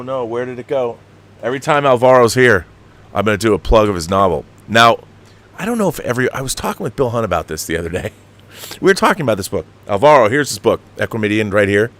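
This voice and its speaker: With a lowish voice, a middle-aged live stream host reads viewer chats aloud in a casual setting. He responds animatedly, frequently starting over, laughing, and swearing whenever he gets annoyed.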